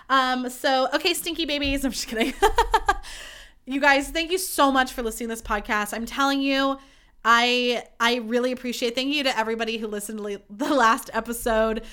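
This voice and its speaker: Bright-voiced young woman podcaster. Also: on the high side, fairly quick, clean tone. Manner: candid, profane, animated and self-mocking. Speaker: podcast host. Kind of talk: casual solo podcast chat.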